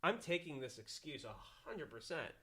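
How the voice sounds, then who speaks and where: A young man co-hosting a podcast in casual chat, retelling movie scenes in an animated way and acting out the characters. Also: a little high, normal speed, slightly rough. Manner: animated, acts out scenes with voices. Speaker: podcast co-host.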